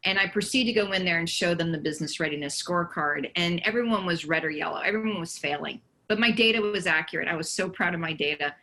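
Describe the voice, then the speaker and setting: A woman on a panel telling career stories in a lively way, laughing now and then. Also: lowish voice, fast, few pauses, low-quality recording. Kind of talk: casual panel storytelling.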